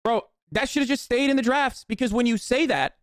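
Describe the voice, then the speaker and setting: A man's voice: very high-pitched, fairly quick, no room sound, clean studio sound. A man casually riffing as a streamer, reacting to posts with mocking, profane commentary.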